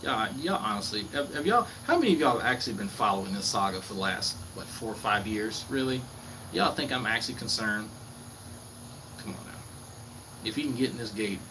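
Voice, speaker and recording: A man on a casual livestream, reading chat comments aloud and taunting a rival in a mocking, profane way. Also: fairly low pitch. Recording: clear background noise with crickets.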